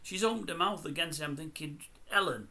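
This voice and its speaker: A man's voice: a little high, fast, creaky, pushed and bright. An older man grumbling and mocking in a chatty celebrity commentary video. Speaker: YouTube commentator.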